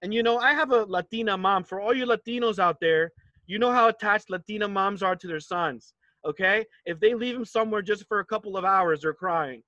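A young man from New Jersey speaking to campers, telling a personal story in an animated way and acting out the dialogue. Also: brisk, no echo, dull audio. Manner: animated, acts out dialogue, drops low for asides. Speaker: camp speaker. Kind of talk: storytelling talk.

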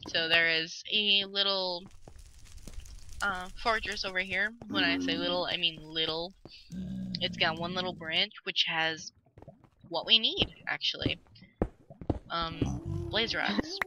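A young woman hosting a gaming channel chats casually over gameplay, ranting in exasperation and breaking into giggles. Her voice sits on the low side, unhurried and with frequent pauses. The recording has loud background noise.

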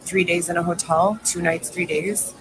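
A woman's voice: on the low side, steady tone, normal speed, background noise. A young pregnant woman rambling effusively in an emotional thank-you video. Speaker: streamer filmed in a played clip.

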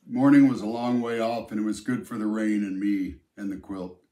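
A man narrating a novel aloud in the first person, telling the story in a measured, plain way. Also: lowish voice, steady tone, dark tone. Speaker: audiobook narrator. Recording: roomy echo.

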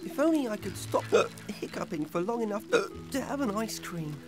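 An actor voicing a gentle, goofy young bear in a cartoon, gasping with hiccups in a sing-song way. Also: medium pitch, big pitch swings, moderate pace, natural voice. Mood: glum. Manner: gaspy, sing-song and easily startled. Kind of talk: cartoon voice acting. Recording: music playing behind.

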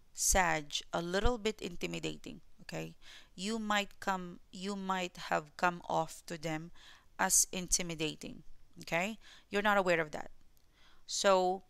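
Her lowish voice is creaky yet smooth and fairly bright, recorded with no room sound. Reading tarot for viewers in a mixed Filipino and New Zealand accent, she repeats herself reassuringly and keeps saying "okay?".

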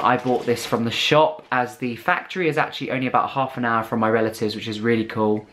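A chatty British man from the UK, talking through snacks in a casual taste-test vlog. His voice sits at an everyday middle pitch, and he stays upbeat and enthusiastic as he describes each one. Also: fairly bright tone, a little hiss or hum. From United Kingdom. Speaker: vlogger.

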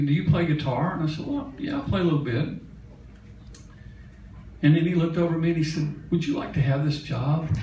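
A man's voice: on the high side, noisy background. Older male storyteller, folksy and chatty, heard from a distance in an echoey concert hall. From Mississippi. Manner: folksy, chatty, laughing now and then. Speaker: musician telling a story on stage. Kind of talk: onstage storytelling.

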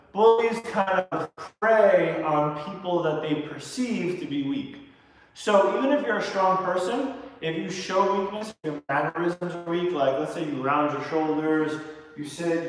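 A man's voice: fairly high pitch, very echoey, long reverb tail, distant mic, poor audio. A man teaching kids martial arts in a live online class, calling out punch combinations and coaching. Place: training studio.

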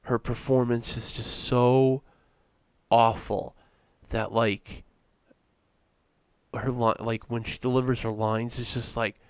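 A podcast co-host chats casually and rambles, full of fillers and restarts. His mid-range voice is clear and resonant, delivered flatly and slowly, in a dry recording.

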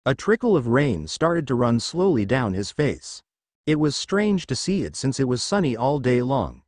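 A man reading fan fiction aloud as narrator, in a steady storytelling manner. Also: medium pitch, normal speed, dry recording, studio quality.

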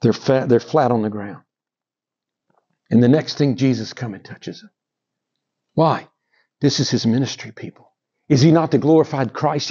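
High-voiced preacher swinging loud to hushed. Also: male voice, breathy edge, dull audio. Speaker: pastor. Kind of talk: sermon.

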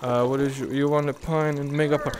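Serving drinks in a bar game, a male YouTuber keeps up a casual running commentary full of exclamations, swearing and mock-courteous lines to patrons. His voice is fairly high and level in tone, fairly quick, against a noisy background.

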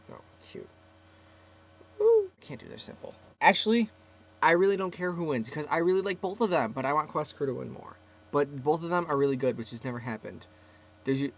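A man's voice: mid-range voice, fairly bright tone. Rambling self-mocking teenage boy vlogger. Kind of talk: casual webcam vlog. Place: small closet, indoors.

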